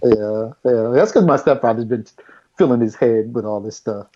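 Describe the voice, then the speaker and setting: A middle-aged man, a guest in a casual chat, telling stories in an animated way and often laughing. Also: mid-range voice, normal speed, lo-fi sound.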